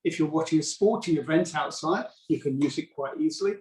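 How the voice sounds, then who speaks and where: A man's voice: fairly high pitch, a little fast, darkish tone. A middle-aged man demonstrating a product on a video call, casual and rambling, with many fillers and restarts. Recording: roomy, distant video call audio.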